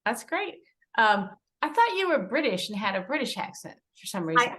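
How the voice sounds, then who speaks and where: A woman asking interview questions in a friendly, unhurried way, often laughing. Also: fairly high pitch, sing-song, fairly bright tone.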